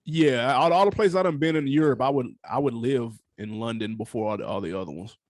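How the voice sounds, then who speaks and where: A man's voice: mid-range voice, brisk, dry recording. Laid-back male podcast co-host. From United States. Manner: laid-back, rambling, profane storytelling. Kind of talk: casual podcast chat.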